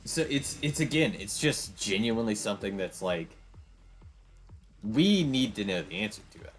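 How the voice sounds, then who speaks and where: A man's voice: on the low side, very animated, moderate pace, soft background music. A young man streaming a game, giving a rambling, emphatic commentary with frequent restarts. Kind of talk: casual gameplay commentary.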